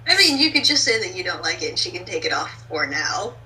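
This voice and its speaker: Bright cheerful woman player. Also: fairly low pitch, big pitch swings, fast. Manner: cheerful, giggly. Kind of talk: casual tabletop role-play. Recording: distant from the mic.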